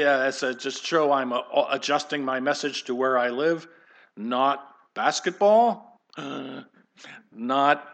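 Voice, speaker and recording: Speaking with a bright, forceful, high-leaning voice, a male pastor gives a sermon that wanders conversationally, talking straight to the congregation and the kids.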